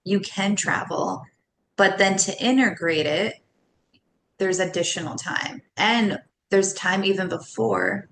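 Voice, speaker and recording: A woman in her thirties, a somatic coach appearing as a podcast guest, talks casually and animatedly, laughing often between thoughts. Her mid-range voice is slow with vocal fry and a fairly bright tone. The recording has roomy echo, faint ambience, and a little hiss or hum.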